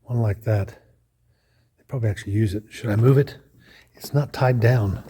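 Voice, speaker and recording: A man's voice: fairly low pitch, moderate pace, dark tone, breathy edge. A man casually narrating a walking tour of a lodge room, thinking aloud with frequent restarts and guesses. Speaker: vlogger touring a lodge.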